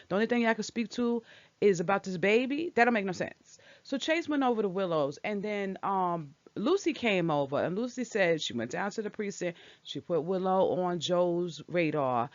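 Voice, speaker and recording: A woman with a medium-pitched voice casually recaps a soap opera episode, talking back at the characters and voicing strong opinions. The recording is dull, lo-fi, and dry, with no echo.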